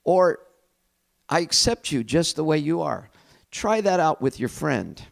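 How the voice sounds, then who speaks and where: A man's voice: fairly high pitch, sing-song, measured pace, gravelly. A middle-aged man, a pastor, telling a personal story in a candid, reflective and self-deprecating way. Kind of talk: personal testimony talk.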